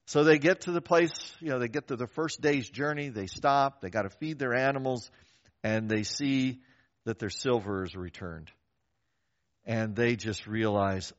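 An older man preaching a sermon as a pastor, telling a story in a conversational, animated way and acting out the quoted voices. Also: medium pitch, normal speed. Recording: dull lo-fi recording.

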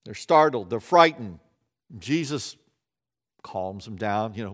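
A man preaching a sermon, telling the story in an animated way and acting out the scenes, often dropping to a quiet voice. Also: lowish voice, slow, long pauses. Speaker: pastor.

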